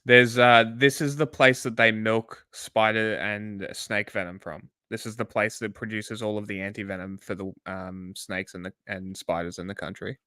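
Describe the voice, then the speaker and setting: A man's voice: fairly low pitch, flat delivery, normal speed, hardly any pauses, pushed and bright, no room sound, clean studio sound. A man co-hosting a stream, reacting to a video in laid-back, teasing chat. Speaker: stream co-host.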